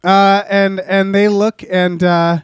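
A man's voice: high voice, little pitch movement, slow pace, clear, resonant tone, dry recording, studio quality. Rambling man spinning a comic story. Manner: rambling, full of uh and restarts. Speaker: podcast co-host.

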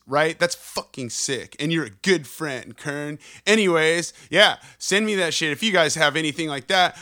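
A man hosting his own podcast, rambling excitedly through a profane, casual monologue full of asides. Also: a little high. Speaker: podcast host. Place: on the road.

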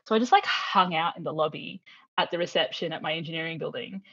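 A woman guest telling a long story in casual chat, animated, laughing often and acting out the people she quotes. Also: low-pitched, fast, creaky, slightly rough, no echo, dull audio.

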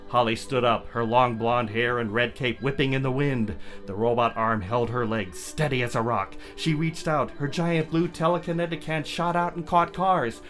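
A man narrating a children's story in a lively, animated way. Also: medium pitch, moderate pace, hardly any pauses, soft background music.

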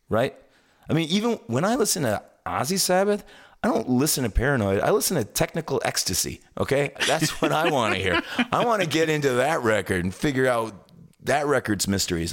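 A man co-hosting a casual music podcast, telling stories with many stammered restarts. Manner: animated storyteller, swings pitch wide, stammers on restarts. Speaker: podcast co-host. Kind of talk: casual chat.

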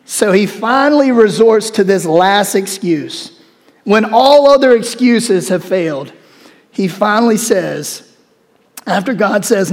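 A male preacher gives a sermon, talking to his listeners the way he would in conversation and acting out the scripture with lively asides. His voice sits high for a man. A long reverb from a big hall trails behind every phrase. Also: slow pace.

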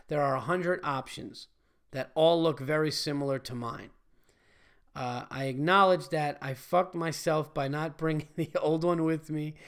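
A man's voice: a little high, clean tone. A man hosting a podcast, reading listener emails and chatting casually, swearing freely and chuckling as he talks. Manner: loose, swears freely, chuckles mid-sentence. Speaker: podcast host.

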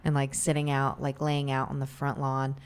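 A young woman with a low, smooth voice, talking loosely and easily. She rambles through her memories, leaning on "like" over and over in relaxed conversation. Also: normal speed. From Michigan. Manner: relaxed, rambling, heavy use of "like". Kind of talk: casual chat.

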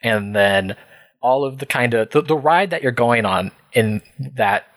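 A man shares an anecdote on a podcast in a loose, chatty way, with lots of fillers. His voice sits at a middle pitch, and the recording is very dry and close. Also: lively intonation, measured pace, a bit bright, no echo. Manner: chatty, laughs while telling, many fillers. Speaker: podcast guest. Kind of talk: casual storytelling.

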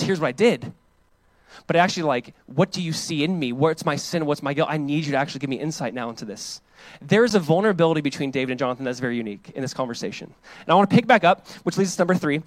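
Man, pastor, animated sermon, slightly high voice, dry close sound. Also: no room sound. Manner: animated, acts out quoted voices; casual preaching with many fillers.

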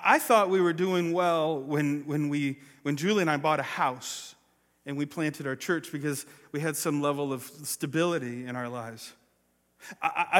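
A pastor telling a personal story in a sermon, acting out the voices of the people in it. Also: male voice, fairly high pitch, fairly bright tone. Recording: long reverb of a large hall.

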